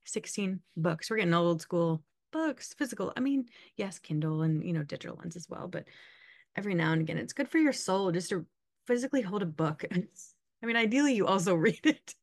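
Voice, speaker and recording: A woman's voice: fairly low pitch, animated, brisk, no room sound. Thirtysomething woman giving pep-talk tips, jokey and sarcastic, laughs a lot, dead dry sound. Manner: chatty, sarcastic, laughs often. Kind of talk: casual motivational talk.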